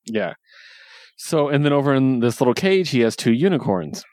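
A man casually recapping a story, chatty and laughing often, quoting characters in quick voices. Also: mid-range voice, lively intonation, darkish tone, dry recording. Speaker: comic book reviewer. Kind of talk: casual chat.

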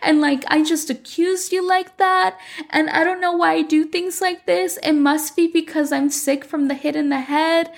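A woman putting on a high, whiny fake-crying schemer. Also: fairly even intonation, moderate pace, gravelly. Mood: fake tearful. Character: scheming young woman faking tearful self-pity.

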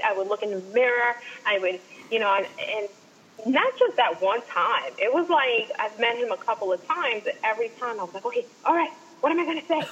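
A woman chatting casually, telling an excited, animated story. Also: fairly high pitch. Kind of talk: casual chat. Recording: dull lo-fi line with faint noise.

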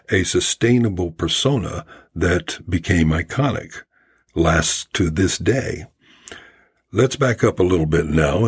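A male podcast host narrating a scripted story in a wry, conversational way. His voice is low and very breathy. The sound is close and dry. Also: no echo.

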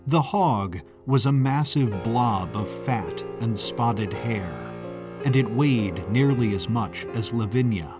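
A man reading a historical story as scripted narration, in a measured, deliberate way. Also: medium pitch, animated, loud music behind the voice.

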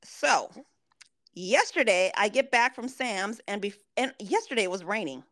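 A young woman co-hosting a podcast, telling a story in a profane, animated way. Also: medium pitch, moderate pace, dry recording. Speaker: podcast co-host. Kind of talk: casual chat.

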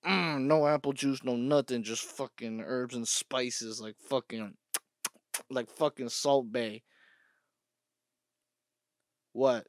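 A man's voice: mid-range voice, fairly even intonation, unhurried, no echo, studio quality. A young man riffing in a brash, mock-aggressive comedy rant, swearing freely as he talks to his viewers. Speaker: comedy vlogger.

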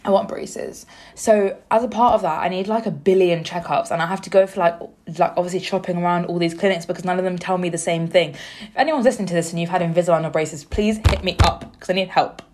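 A woman co-hosting a casual radio chat, chatty and animated, laughing often. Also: lowish voice, fast. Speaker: radio co-host.

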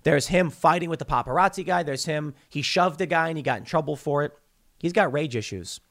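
A man's voice: on the high side, fairly quick. A man hosting a political commentary show, talking opinionatedly with frequent restarts and mocking quotes. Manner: animated, stumbling restarts, mocking put-on quotes.

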